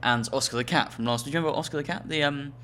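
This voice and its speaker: A man chats on a comedy podcast, poking dry fun at a listener's email. His voice sounds bright and clear, with a faint hum underneath. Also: medium pitch, rapid-fire. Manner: dry, wry, reads listener emails aloud. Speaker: podcast co-host. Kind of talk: casual comedic chat.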